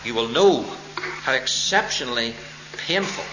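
A man preaching a sermon as pastor, expounding a text deliberately and stressing key words with emphatic rises. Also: mid-range voice, expressive, pushed and bright, slight background noise. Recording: roomy, dull lo-fi church recording.

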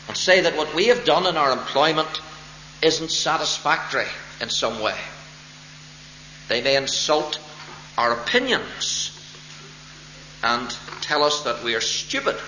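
A man preaching a sermon as pastor, expounding a text deliberately and stressing key words with emphatic rises. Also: on the high side, sharp tone, slight background noise. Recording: roomy, dull lo-fi church recording.

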